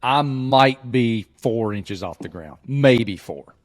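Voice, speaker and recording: A man in his forties hosts a casual podcast chat, spinning a hometown story with a jokey, animated delivery. His voice sits at a middle pitch for a man. He grew up in southwest Virginia. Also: takes it slowly. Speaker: podcast host.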